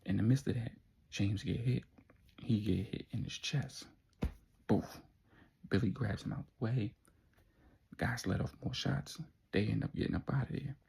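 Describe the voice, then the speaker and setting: A man's voice: on the low side, normal speed, gravelly, pauses often, a little mellow, breathy edge. A man telling a story in a casual, slangy, laid-back way, adding his own sound effects.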